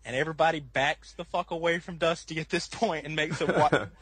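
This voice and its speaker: Man, podcast storyteller, animated, slightly high, husky, dry close sound. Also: brisk, no echo. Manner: animated, laughs often, acts out quoted people in a higher voice. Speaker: podcast co-host. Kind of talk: casual storytelling.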